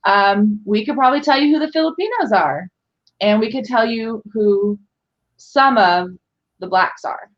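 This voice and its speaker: A woman's voice: fairly high pitch, expressive, a little slow. A woman from California hosting a casual discussion, talking in a thoughtful, chatty way. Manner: thoughtful, chatty, laughs easily. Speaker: discussion host. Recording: dull lo-fi sound.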